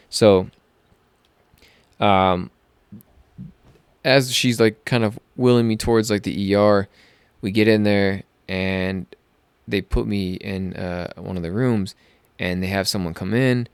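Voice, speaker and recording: Young man rambling through a story, gravelly. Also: deep voice, moderate pace, dry recording. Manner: rambling, slangy, many fillers and restarts. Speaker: podcast host. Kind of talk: casual storytelling monologue.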